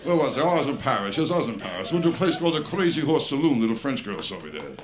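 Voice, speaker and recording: Racing along in a sing-song, medium-pitched voice, a man does stand-up on a club stage, firing off brash jokes at his own expense and bantering with the crowd. It's a live club recording with loud crowd laughter and noise.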